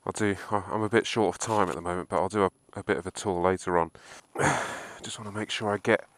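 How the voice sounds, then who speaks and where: A man's voice: deep voice, fairly even intonation, brisk, a bit bright, low-quality recording. A man recording a casual video diary while riding a motorbike through snow, giving a running commentary full of swearing and exasperation. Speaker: motorcycle vlogger.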